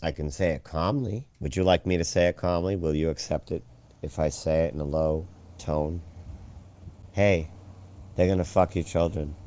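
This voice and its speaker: A man hosting a profane conspiracy chat show, ranting and swearing, now and then shouting mockery. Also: extremely low pitch, steady tone, moderate pace, dry recording. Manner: ranting, swears a lot, swings loud and mocking.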